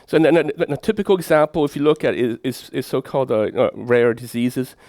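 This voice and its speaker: Professor, lively storytelling. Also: male voice, mid-range voice, a little fast, dry recording, studio quality. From Sweden. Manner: lively storyteller who asks the audience rhetorical questions. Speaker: professor lecturing. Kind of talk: lecture with anecdotes.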